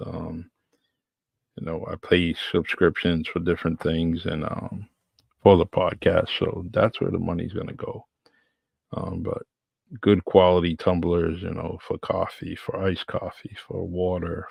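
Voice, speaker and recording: A man with a New England accent talks casually as a podcast host, rambling and circling back over his words. His voice sits low and flat, with a gravelly, husky edge. It is recorded dry and close. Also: dry recording. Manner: rambling, chatty, repeats himself. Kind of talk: casual solo podcast talk.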